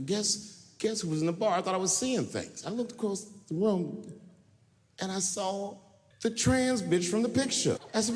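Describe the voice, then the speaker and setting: A man's voice: sits high, moderate pace, in a large hall, background noise. A man performing a stand-up comedy routine with crude, profane punchlines.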